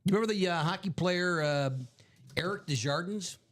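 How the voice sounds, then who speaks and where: A man's voice: high-pitched, moderate pace. A man hosting a live sports card break stream, chatting casually in a rambling, self-correcting way. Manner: rambling, self-correcting, chuckles at own stories.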